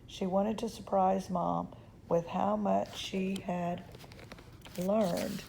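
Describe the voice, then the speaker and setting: A woman reading a children's chapter book aloud in a calm, measured way. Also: mid-range voice, vocal fry, a little hiss or hum. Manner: calm, measured, occasional restarts.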